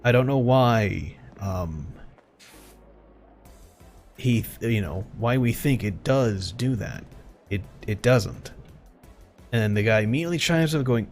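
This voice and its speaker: A man chats as he streams a game, telling stories bluntly and laughing often. His voice rises and falls a lot and sits at an ordinary pitch. Faint music plays underneath. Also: lively intonation, slow, pauses often. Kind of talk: casual storytelling while gaming.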